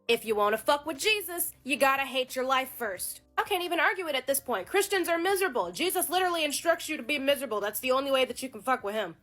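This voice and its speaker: High, bright-voiced woman, sarcastic and profane. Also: lively intonation, quick pace, hardly any pauses, faint music behind. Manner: sarcastic, exasperated, heavy swearing; ex-Christian skeptic. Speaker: host of a Bible-critique series. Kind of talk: casual profane commentary.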